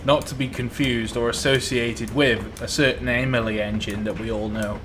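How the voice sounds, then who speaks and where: Welsh guy on a live stream, rambly jokey chat, mid pitch, lots of noise behind. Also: fairly even intonation, normal speed. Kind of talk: casual live-stream chat while playing. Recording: noisy background.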